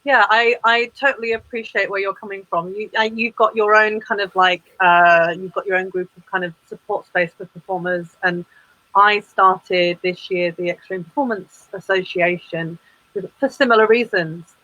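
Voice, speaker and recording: Woman, interview guest, chatty, fillers, bright voice, dry slightly muffled call audio. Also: medium pitch, fairly even intonation, normal speed, no echo. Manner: chatty, frequent fillers and restarts. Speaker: guest performance artist. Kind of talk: casual interview chat.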